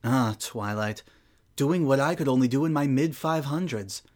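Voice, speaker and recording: A man's voice: medium pitch, normal speed, a little mellow, lightly acted. A man voicing a regal, ancient female sun princess in a fan audio drama, with a refined, formal and dryly amused manner. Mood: fond.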